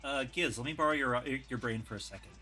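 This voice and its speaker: Bright-voiced laid-back man from New York. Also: mid-range voice, fast, faint music behind. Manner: laid-back, sweary, self-mocking. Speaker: streamer host. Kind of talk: casual chat while drawing on stream. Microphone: desktop USB microphone.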